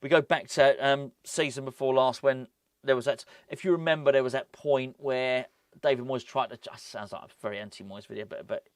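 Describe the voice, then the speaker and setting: A man hosting a casual football vlog, rambling and animated, often breaking off with laughs. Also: mid-range voice, brisk, dry recording. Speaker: football fan channel host.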